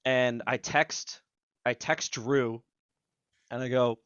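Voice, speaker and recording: A man's voice: medium pitch, little pitch movement, takes it slowly, long pauses, a bit bright, clear, resonant tone, no echo. A man in his twenties, a podcast co-host, telling a rambling, profane story in casual chat and acting out what people said. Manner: rambling, profane, acts out quotes. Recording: slightly dull, dry audio.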